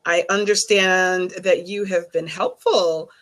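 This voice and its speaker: A woman's voice: on the low side, fairly even intonation, takes it slowly, a bit bright. A woman hosting a casual online video chat, enthusiastic and gushing. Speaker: host.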